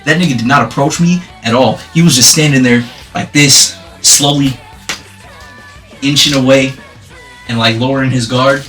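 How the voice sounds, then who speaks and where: A man vlogging a storytime, animated and profane, laughing as he tells it. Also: medium pitch, moderate pace, soft background music. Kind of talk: storytime vlog.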